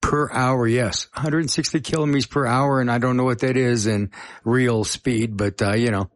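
Man, middle-aged, radio host, casual rambling chat, self-deprecating, mid pitch. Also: steady tone, moderate pace.

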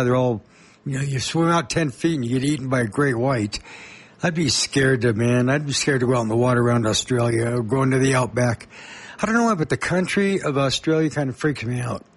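A middle-aged man from Colorado, hosting a small community radio show and chatting casually between songs, rambling with plenty of fillers. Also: mid-range voice. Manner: rambling, chatty, many fillers and asides to listeners. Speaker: radio host.

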